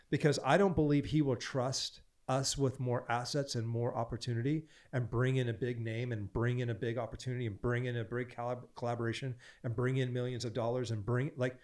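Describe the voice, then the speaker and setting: Man, podcast guest, emphatic and preachy, repeats phrases for effect, mid-pitched voice. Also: darkish tone. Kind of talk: animated podcast conversation.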